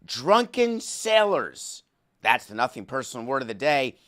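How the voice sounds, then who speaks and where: A man's voice: mid-range voice, fairly even intonation, fast talker, sharp tone. Sarcastic sports podcast host, a man. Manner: sarcastic, comic asides. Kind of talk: monologue.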